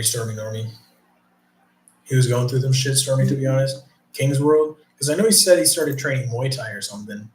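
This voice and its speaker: Male streamer, mid-pitch, loose profane chat, roomy echo. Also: slight background noise. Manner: profane, rambling, reads chat aloud. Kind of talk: casual live stream chat.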